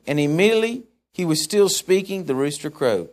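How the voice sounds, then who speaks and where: A man's voice: high-pitched, lively intonation, normal speed, hardly any pauses. A man preaching a sermon in a conversational way, musing aloud and often correcting himself.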